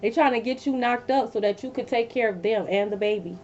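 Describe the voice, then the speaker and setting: A woman's voice: fairly quick, a little mellow. Blunt, profane woman tarot reader. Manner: blunt, profane, emphatic storytelling. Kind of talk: casual tarot reading with storytelling. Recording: dull lo-fi with faint rumble.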